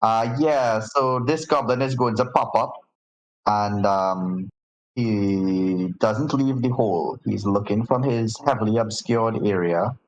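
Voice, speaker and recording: Low-voiced man running a tabletop game. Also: takes it slowly, poor audio. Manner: casual, many fillers and restarts. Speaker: game master.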